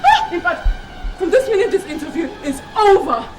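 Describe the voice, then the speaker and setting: Candy, a high, haughty star. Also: female voice, big pitch swings, normal speed, poor audio. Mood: furious. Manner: imperious, scolding, dramatic. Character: vain, haughty celebrity actress, young adult woman. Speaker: famous actress character. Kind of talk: film drama acting. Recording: film soundtrack with music behind.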